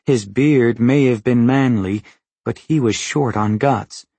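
A man reading a novel aloud as narrator, in a measured, even storytelling manner. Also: mid-range voice, vocal fry, slightly rough, no echo. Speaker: audiobook narrator. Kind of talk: scripted narration.

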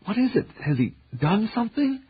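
A man voicing a frightened middle-aged woman shopkeeper, speaking high and faint with a tremble. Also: big pitch swings, fairly quick, slightly rough, dry recording, muffled recording, full character voice. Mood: alarmed.

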